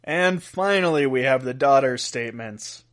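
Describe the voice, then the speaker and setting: Young guy doing a chatty weird news podcast, keeps chuckling at the stories, reads quotes out loud. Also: medium pitch, animated, moderate pace. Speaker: podcast host. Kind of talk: casual news podcast commentary.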